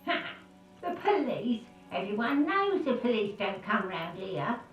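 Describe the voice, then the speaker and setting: A suspicious, grumpy old woman in a video game, scolding strangers through a locked door. Her voice is fairly high and sharp. It sounds echoey and distant, as if it comes from behind the door. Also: very animated, a little slow, faint music behind. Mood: dismissive.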